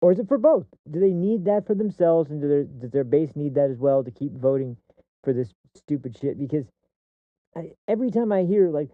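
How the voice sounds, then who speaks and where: A man hosting a political commentary stream, ranting with heat and frequent swearing, stumbling and restarting as he pushes his points. His voice sits a little high for a man. The audio is dry and thin, like it comes down a phone line. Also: animated, brisk, dry recording. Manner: heated, profane ranting; repeats and restarts words mid-sentence. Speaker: streamer host.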